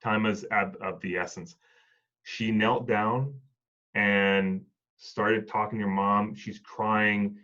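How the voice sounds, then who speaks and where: A man's voice: fairly low pitch, fairly even intonation, takes it slowly, bright, forceful tone, dull audio. A man telling heartfelt stories about hospice patients in a casual conversation, acting out both sides of the dialogue. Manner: reflective, acts out dialogue in stories. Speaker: hospice and home health worker, former Marine.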